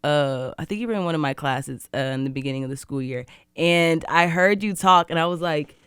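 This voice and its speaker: A young woman co-hosting a casual interview, bubbly and quick to laugh. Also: sits low, fairly bright tone, clear, resonant tone, dry recording, clean studio sound. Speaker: co-host.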